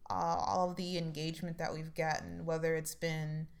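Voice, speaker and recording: A woman's voice: little pitch movement, normal speed. A young adult woman co-hosting a podcast in easygoing, chatty conversation. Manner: chatty, easygoing, acts out quoted people in a higher voice. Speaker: podcast co-host. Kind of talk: casual podcast chat.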